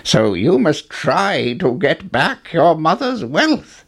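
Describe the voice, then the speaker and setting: A man's voice: fairly high pitch, very animated, slow pace, slightly rough, voice pushed up, full character voice. A man voicing a grave old storybook stranger. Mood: solemn. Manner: solemn warning.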